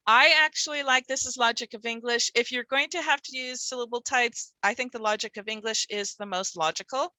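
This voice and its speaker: A woman's voice: fairly high pitch, moderate pace, bright, forceful tone, dry recording, low-quality recording. A middle-aged woman leading a teaching workshop, explaining in a conversational way with rhetorical questions. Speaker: literacy teacher trainer.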